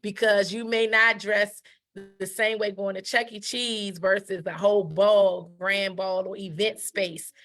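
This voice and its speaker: An emphatic woman talks through etiquette in a relaxed teaching style. She repeats her main points, keeps asking "right?", and drops into short acted-out voices when she quotes someone. Her pitch sits in an ordinary middle range. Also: measured pace. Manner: emphatic, repeats key phrases, asks "right?"; acts out quoted speech. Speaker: etiquette educator. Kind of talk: conversational teaching talk.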